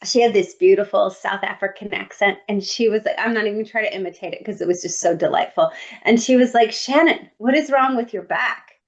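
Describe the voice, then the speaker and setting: A woman co-hosting a podcast, telling stories in a lively, comic, casual way with playful asides. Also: mid-range voice, fast, gravelly, lo-fi sound. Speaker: podcast co-host. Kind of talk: casual storytelling chat.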